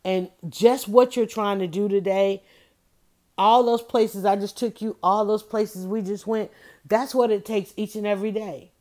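A woman's voice: mid-range voice, fairly even intonation, unhurried, a little mellow. A middle-aged woman talking in a casual, rambling monologue, emphatic and full of restarts and self-corrections.

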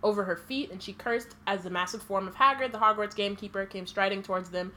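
A woman's voice: medium pitch, fairly even intonation, fast, bright, forceful tone. A woman co-hosting a book podcast, reading passages aloud with frequent ums and easy laughter. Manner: reads aloud with many ums, laughs easily. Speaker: podcast co-host.

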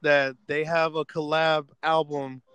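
A man's voice: fairly high pitch, little pitch movement, measured pace, a bit bright, clear, resonant tone, dry recording. A young man hosting a casual podcast, laid-back, swearing freely and calling his friend bro. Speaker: podcast host. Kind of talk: casual chat.

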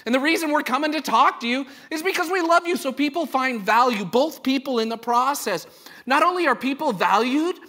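A man's voice: very high voice, sharp tone. A male pastor, a father of a young child, preaching a sermon in church in a conversational, joking way, asking the congregation rhetorical questions. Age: adult parent of a young child.

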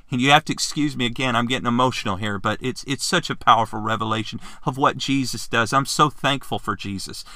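Male Bible teacher, earnest and fervent, stammering restarts, sharp bright tone, mid pitch. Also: no room sound, clean studio sound. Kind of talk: Bible lesson.

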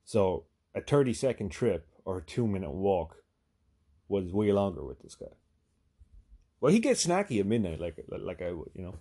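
A man with a fairly low voice tells a story on his podcast in a loose, rambling way. He swears freely and leans on fillers as he goes. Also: big pitch swings, moderate pace, mellow, breathy edge. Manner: rambling, profane, lots of fillers. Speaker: podcast host. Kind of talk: casual comedic storytelling.

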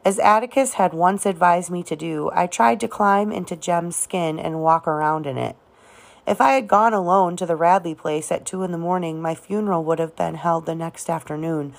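A woman reads a novel aloud in a steady, unhurried way, her voice sitting low with a noticeable vocal fry. The reading flows calmly from one sentence to the next. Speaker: audiobook reader.

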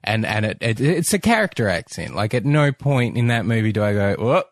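A man's voice: fairly low pitch, very animated, a little fast, no room sound, studio quality. An Australian man with an Australian accent, co-hosting a casual film chat and often repeating words as he starts a thought. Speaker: podcast co-host.

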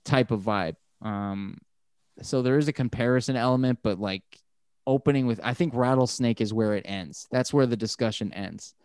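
A man talking casually about music, rambling and swearing, and he gets animated when excited. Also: mid-range voice, normal speed, smooth, dry recording, studio quality.

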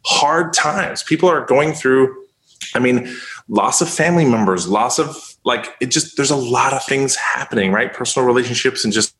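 This interview guest has a medium-pitched, slightly bright voice and speaks at a normal pace in an echoey room. He rambles casually, full of "like," while encouraging people going through hard times.

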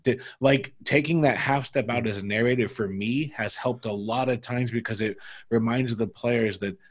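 A man's voice: medium pitch, moderate pace. Male game master, loose rambling podcast delivery, heavy filler words. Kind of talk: casual podcast discussion.

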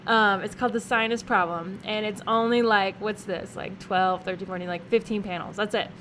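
A young woman co-host in casual chat, relaxed and giggly, introducing a comic she finds funny. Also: mid-range voice, slight background noise. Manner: relaxed, giggly, quick agreeing replies. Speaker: podcast co-host.

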